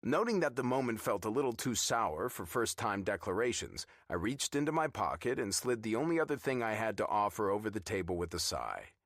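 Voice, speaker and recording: Low-voiced male audiobook narrator. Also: sing-song, fairly quick, few pauses, fairly bright tone, dry recording, studio quality. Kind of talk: scripted first-person narration.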